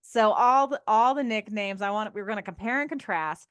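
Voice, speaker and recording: A woman's voice: medium pitch, normal speed, clear, resonant tone, dry recording. Enthusiastic woman podcast co-host. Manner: enthusiastic, wraps up the show with plugs. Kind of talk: casual chat.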